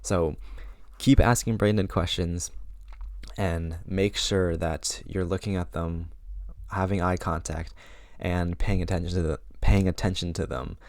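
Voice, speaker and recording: A man's voice: sits low, steady tone, a little slow, a little mellow, no room sound, studio quality. A young man around eighteen giving casual social advice to camera, chatty and full of fillers, acting out sample lines.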